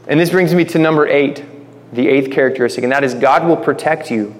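A man's voice: fairly high pitch, a little fast. A man teaching a conversational Bible-study sermon, speaking informally, restarting phrases and calling his listeners guys. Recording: long hall reverb.

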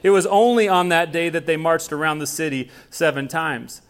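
Young male pastor, conversational sermon delivery with acted dialogue, slightly high-pitched. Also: normal speed.

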